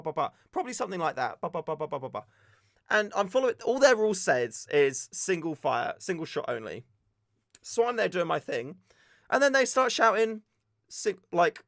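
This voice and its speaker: Young male streamer from the UK, chatty and animated, a touch high-pitched, dry and close on mic. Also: creaky, no echo. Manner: animated storytelling, acts out shouted exchanges. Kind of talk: casual live-stream chat.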